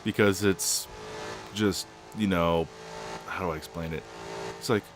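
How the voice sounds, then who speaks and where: Young dude rambling thru a racing game stream, lowish voice, swears a ton, faint car noise behind. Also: male voice, fairly even intonation, unhurried, long pauses. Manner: rambling, swears a lot, many fillers. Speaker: gaming channel host. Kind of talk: casual gameplay commentary.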